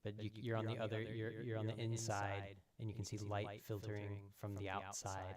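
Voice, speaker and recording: A man narrating as game master of a tabletop game, halting with many fillers and restarts. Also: fairly low pitch, completely flat delivery, reverberant, far from the mic.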